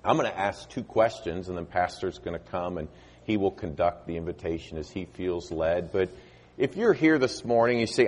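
Deep-voiced male preacher, slightly husky, preaching with long pauses and hushed line ends. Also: animated. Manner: dramatic pauses, voice dropping soft at line ends. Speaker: visiting preacher. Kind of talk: sermon and altar invitation. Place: church auditorium.

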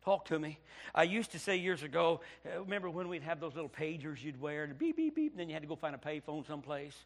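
A Baptist pastor from Indiana preaching a sermon, telling a story and swinging from hushed passages to near shouting. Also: male voice, a little high, fairly even intonation, quick pace.

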